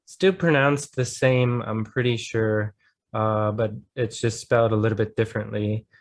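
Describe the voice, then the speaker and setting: A man's voice: lowish voice, steady tone, normal speed. A man with an American accent tutoring a student in math, patiently thinking aloud step by step and encouraging her. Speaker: math teacher. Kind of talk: online tutoring lesson.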